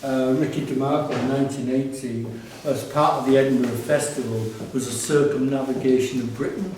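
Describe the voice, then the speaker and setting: A man's voice: medium pitch, steady tone, a little fast, a little mellow, a little hiss or hum. A man telling anecdotes about his life during a casual gallery talk, rambling with restarts and fillers. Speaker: artist and curator giving a gallery talk. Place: gallery exhibition space. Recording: echoey room from far off.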